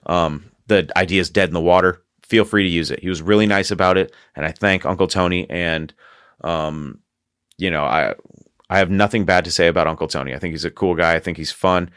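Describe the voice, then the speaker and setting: A man's voice: low-pitched, steady tone, a little fast, fairly bright tone, clear, resonant tone, no room sound, clean studio sound. A man hosting a casual podcast, telling a long story in a rambling way and laughing often. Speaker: podcast host.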